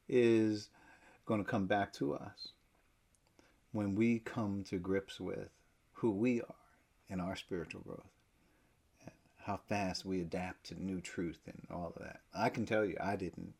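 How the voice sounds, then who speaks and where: Husky low-voiced guy preaching, gets loud then whispery, emphatic. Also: slow, long pauses. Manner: emphatic, swings from loud stresses to near-whispers. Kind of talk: sermon.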